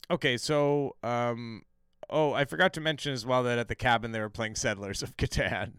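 A man's voice: medium pitch, normal speed, fairly bright tone, smooth, no room sound, clean studio sound. A man co-hosting a podcast, recapping a TV episode in casual, profane chat full of fillers and restarts.

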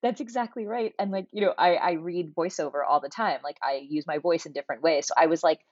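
A woman in her forties, a guest telling a personal story in a chatty, animated way with lots of fillers. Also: deep voice, quick pace, no echo, dull audio. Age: 40s. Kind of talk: casual conversational interview.

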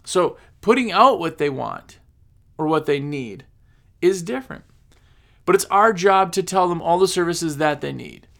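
Guy with a high gravelly voice, rambling advice talk, repeats stuff. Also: animated, unhurried, fairly bright tone. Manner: rambling, repeats himself, acts out customers. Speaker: cleaning business coach. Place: recording on his phone.

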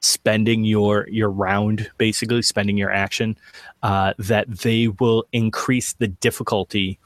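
A man running a tabletop game as game master, narrating with many halting fillers. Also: on the low side, little pitch movement, no echo.

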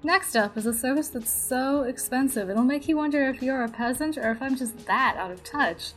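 A woman's voice: high voice, moderate pace, faint music behind, rough recording. A woman parodying a self-absorbed podcast host in a sarcastic comedy monologue.

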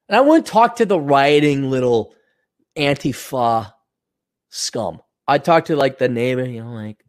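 A man's voice: animated, moderate pace. A man hosting his own show, ranting alone in a profane, sarcastic way. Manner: profane, sarcastic, mocks others in high mimicking voices. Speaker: podcast host. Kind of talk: ranting solo monologue.

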